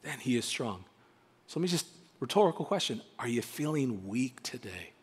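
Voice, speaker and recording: A male pastor preaching a sermon, animated and emphatic, with dramatic pauses. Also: mid-range voice, husky. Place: church sanctuary. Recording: reverberant church hall.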